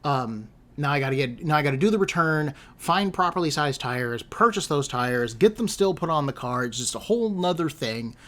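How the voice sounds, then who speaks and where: A man's voice: fairly high pitch, expressive, normal speed, few pauses, fairly bright tone. A man casually telling a long rambling story in an exasperated, self-deprecating way.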